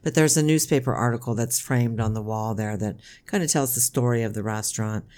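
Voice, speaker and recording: An older woman, a podcast co-host, chatting casually with her son in a rambling, halting way with many restarts. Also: a bass voice, darkish tone. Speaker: podcast co-host, mother of the other host. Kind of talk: casual chat.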